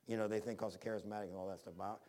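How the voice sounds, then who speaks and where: A man's voice: fairly low pitch, steady tone, racing, a little mellow. A man preaching a sermon in a homespun, rambling way, telling personal stories, often restarting his sentences and reading scripture in old-fashioned wording.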